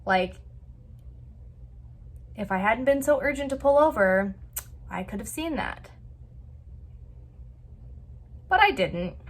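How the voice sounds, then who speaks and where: A woman's voice: a little high, lively intonation, measured pace. A woman voicing her flustered, embarrassed mother in a story, speaking in anxious questions. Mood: sheepish.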